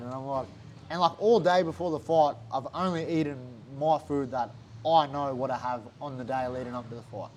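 A man's voice: medium pitch, fairly even intonation, fairly quick, a little mellow, a little hiss or hum. A young Australian man, a fighter, telling a story in a casual interview, swearing a lot and acting out what others said. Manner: swears a lot, acts out quotes animatedly.

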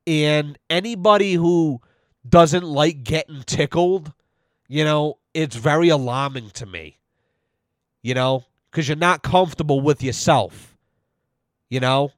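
Speaking unhurriedly in a slightly high voice, the podcast host is recorded in clean studio sound with no room tone. He rants on his show in a mock-serious style, profane and repetitive, with "you know" cropping up constantly.

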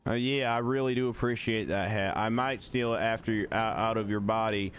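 A man putting on a Southern US drawl, playing a dim-witted country man who jokes slowly and deadpan. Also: on the low side, a little hiss or hum, close to an everyday voice. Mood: joking. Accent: Southern US drawl, put on. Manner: slow deadpan joking.

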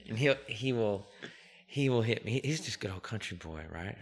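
A man's voice: on the low side, lively intonation, a little fast. A man in his fifties chatting casually as a podcast guest, humble and rambling with plenty of fillers. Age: 50s. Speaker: podcast guest, company founder. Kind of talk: casual interview chat.

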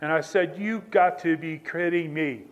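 A man's voice: a little high, moderate pace, muffled recording. A male pastor preaching, telling a personal story in a conversational way and repeating phrases for emphasis. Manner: repetitive, building emphasis through restated phrases; conversational, addresses listeners directly.

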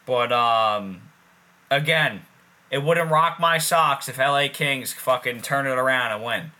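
A man's voice: mid-range voice, measured pace, bright, forceful tone. A man co-hosting a casual sports podcast, talking loosely, swearing and repeating himself. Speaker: podcast co-host.

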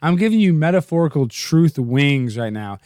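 A man hosting a livestream, rambling and joking, sometimes jumping into goofy high-pitched bits. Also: expressive, normal speed, a little mellow, clean tone, no room sound, studio quality. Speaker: livestream host. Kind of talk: casual livestream rant.

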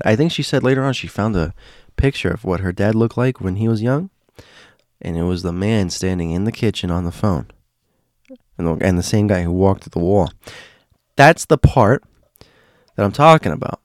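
Guy with a lowish voice telling a creepy story like he's hanging out with friends, dramatic, keeps asking questions, dry close sound. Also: moderate pace, no echo. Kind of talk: casual retelling of a ghost story.

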